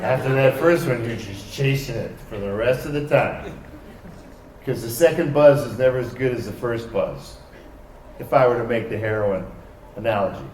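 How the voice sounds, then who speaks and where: A man on a convention stage telling wry, animated anecdotes to a live audience, acting out the dialogue in them. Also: medium pitch, a little hiss or hum. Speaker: convention panel guest. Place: large convention arena stage. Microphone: heard from far off by a camera in the hall. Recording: echoey hall recorded from far off.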